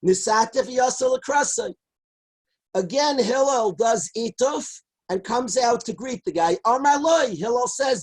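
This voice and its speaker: A man, a rabbi, telling a Talmud story as a lively lecture. He quotes each line in Hebrew and Aramaic and then translates it. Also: very high-pitched, unhurried, rough recording. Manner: lively storyteller who shouts out the characters' lines. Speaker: rabbi teaching a Talmud class. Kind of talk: animated Torah lecture storytelling.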